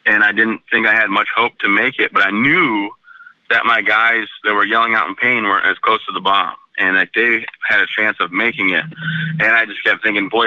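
A man telling his story in a plain, matter-of-fact way, his voice sharp and forceful. The sound is dull and lo-fi over a remote line, dry with no room around it. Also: fairly low pitch, no room sound. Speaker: guest, Army veteran. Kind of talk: recounting a personal story in a remote interview.

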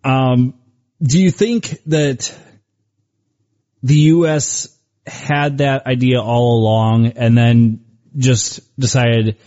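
Mellow-voiced man in easy podcast chat. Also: medium pitch, fairly even intonation, very slow, pauses often, muffled recording. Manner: easygoing, joking, puts on voices. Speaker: podcast co-host. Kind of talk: casual chat.

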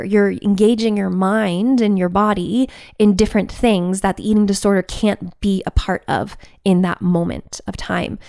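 A woman's voice: medium pitch, darkish tone, dry recording, studio quality. A woman giving a heartfelt, reflective talk to camera about recovery. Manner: heartfelt and searching.

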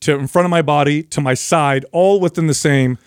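A man co-hosting a casual fitness chat, telling stories and explaining exercises with lively energy. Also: fairly high pitch, brisk, smooth, no echo, clean studio sound. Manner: animated storyteller, explains while demonstrating. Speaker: podcast co-host.

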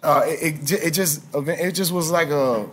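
A man, a guest on a podcast, telling stories in a relaxed, slangy way. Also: a little high, normal speed, slightly rough. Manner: laid-back storytelling with slang. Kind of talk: casual interview chat.

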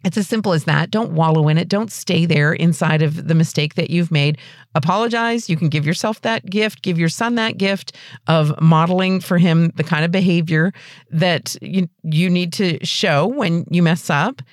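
A woman's voice: moderate pace, dry recording. Earnest encouraging woman podcast host, dry close mic. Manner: warm, encouraging, earnest; lively pitch rises. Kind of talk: advice podcast, answering a listener question.

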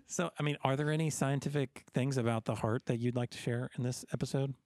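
A man hosts a podcast in loose, joking chat. He often trips over his words and repeats them as he gets going. His voice sits at a middle pitch, recorded dry and close with no room sound. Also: fairly even intonation, normal speed, darkish tone, no echo. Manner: joking, repeats words when starting sentences. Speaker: podcast host.

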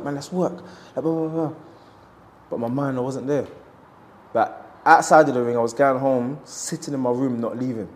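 A man's voice: mid-range voice, a little mellow. A man, a boxer speaking candidly in an interview, reflective and storytelling with quoted asides.

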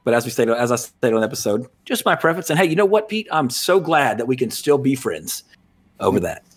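A man's voice: mid-range voice, very animated, fast, husky. A man co-hosting a podcast in casual chat, rambling with fillers and restarts. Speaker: podcast co-host.

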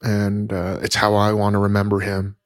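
Man host with a lowish voice, halting, emotional delivery, stops and restarts a lot. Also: completely flat delivery. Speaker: podcast host. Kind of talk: casual podcast talk. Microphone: teleconference recording.

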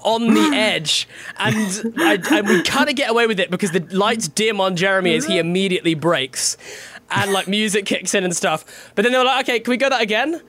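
High, bright-voiced man. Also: normal speed, no room sound. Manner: animated, laughs through his stories. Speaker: podcast host. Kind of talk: casual chat, storytelling.

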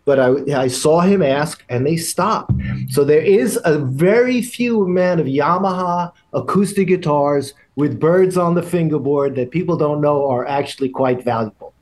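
A middle-aged man, a guest on a podcast, telling anecdotes in a measured way. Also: on the high side, darkish tone. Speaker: guest, music retail executive. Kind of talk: casual interview talk.

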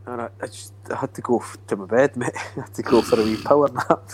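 A man's voice: mid-range voice, quick pace, slight background noise. Scottish man, casual podcast host, mid-range voice, rambling and laughing. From Scotland. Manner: chatty, rambling storyteller who laughs easily. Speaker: podcast host, former footballer. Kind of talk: casual chat over drinks.

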